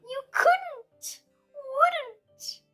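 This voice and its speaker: A woman voicing a small, timid but clever female mouse in a read-aloud storybook, squeaky and coaxing. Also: extremely slow, a bit bright, far from the mic, faint music behind, exaggerated voice. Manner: squeaky, pleading then sweetly coaxing.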